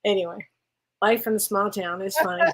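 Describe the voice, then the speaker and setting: A woman co-hosting a casual chat show, telling stories in an animated, laughing way. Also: mid-range voice, fairly quick, low-quality recording. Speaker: co-host, psychic. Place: rural home.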